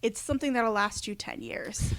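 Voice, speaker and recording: Woman, higher voice, dry close recording, teasing, blunt casual chat. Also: normal speed, creaky, fairly bright tone, no room sound. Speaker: podcast co-host.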